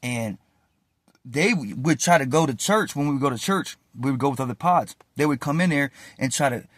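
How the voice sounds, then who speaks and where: A man's voice: medium pitch, a little fast, no room sound. Man telling a street story, dry sound. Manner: animated, slangy and profane retelling. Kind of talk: casual storytime.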